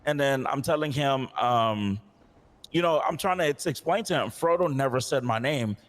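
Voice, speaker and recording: A man's voice: medium pitch, lively intonation, normal speed. Frustrated man with a reverberant sound. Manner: frustrated, recounting dialogue in detail. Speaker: police officer in a role-play game. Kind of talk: in-character role-play complaint.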